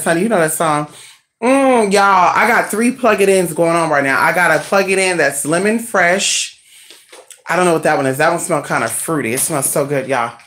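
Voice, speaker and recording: Sassy chatty woman with a low voice. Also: a bit bright. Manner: swears casually. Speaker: vlogger. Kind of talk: casual live chat to viewers.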